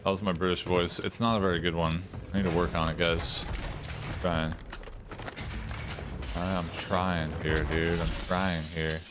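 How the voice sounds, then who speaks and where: A young man with a deep, low voice rambles bluntly through casual gameplay commentary, dropping strong opinions as he plays. Game sounds run clearly underneath him. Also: flat delivery, unhurried, pauses often, noisy background. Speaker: gaming streamer.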